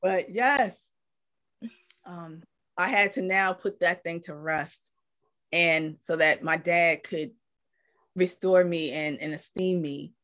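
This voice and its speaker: A woman's voice: on the low side, slow pace, pauses often, fairly bright tone. A woman co-hosting a live talk stream, telling a heartfelt personal story and acting out quoted voices. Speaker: co-host.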